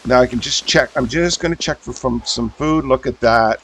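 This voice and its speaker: A man gives casual commentary on a survival game he is streaming, talking to himself as he sorts his gear. He fills his sentences with ums and half-starts. His voice sits at a mid pitch, with a faint hiss of rain behind it. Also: normal speed, fairly bright tone, poor audio. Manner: thinks aloud, mumbling fillers while sorting items.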